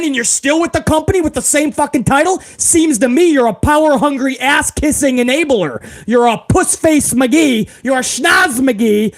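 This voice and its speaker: Male host with a high voice, profane and ranting, often shouting. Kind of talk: profane live-stream rant.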